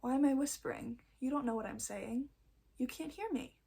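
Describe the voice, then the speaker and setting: Young woman, slightly high voice, rambling, chatty, nervous first-time vlogger, seated at home. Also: moderate pace, gravelly, mellow, slightly rough. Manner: rambling, chatty, self-interrupting. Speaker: book vlogger. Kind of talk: casual book haul chat.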